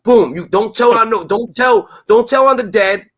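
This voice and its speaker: A man hosting a stream, rambling in casual street talk with lots of fillers and sudden loud outbursts. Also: high voice, normal speed. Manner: rambling, animated, filler-heavy, slips into loud impressions. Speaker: stream host.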